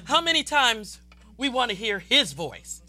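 A woman preacher delivering a fervent, exuberant sermon that swells into loud declarations. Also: a little high, very animated, a little slow, faint music behind.

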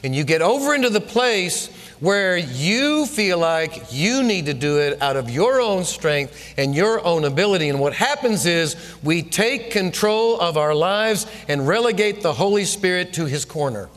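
A man preaching a sermon as pastor, telling a story with lively delivery and repeating phrases for emphasis. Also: sits high, measured pace, few pauses. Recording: long reverb of a large room.

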